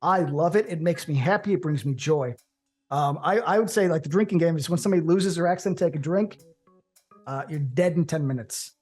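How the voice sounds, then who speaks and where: A man co-hosting a casual movie podcast, opinionated and animated, with profane banter. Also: on the high side, fairly quick, faint music behind. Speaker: co-host.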